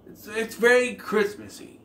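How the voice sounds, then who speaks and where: A man's voice: high voice, steady tone, a little slow, bright, forceful tone, far from the mic. A man hosting a casual film review, talking in a rambling, conversational way with lots of fillers and self-corrections. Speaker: film reviewer, channel host. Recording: echoey room with faint ambient noise.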